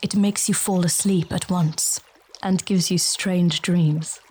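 A man voicing a calm, knowing female guide who gives warnings. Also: high-pitched, takes it slowly, slight background noise, pitched above the performer's own voice.

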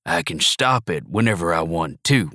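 A boastful, cheerful old grandfather, delighted with himself, in a voice a little raised above the reader's own low tone, as a male narrator plays him. The sound is dry and close, with no room around it. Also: lively intonation, normal speed, sharp tone, no echo, heavily acted. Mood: proud. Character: proud cheerful elderly grandfather. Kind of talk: audiobook character voice.

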